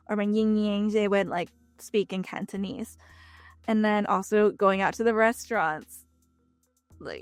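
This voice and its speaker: A young woman from Texas chats as a guest in an interview, chatty and full of fillers. Her voice sits at a middle pitch and sounds dry and close. Soft music plays faintly behind her. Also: clear, resonant tone, no room sound. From Texas, United States. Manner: chatty, frequent fillers and lively quoted asides. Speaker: voice actress guest. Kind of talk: casual interview chat.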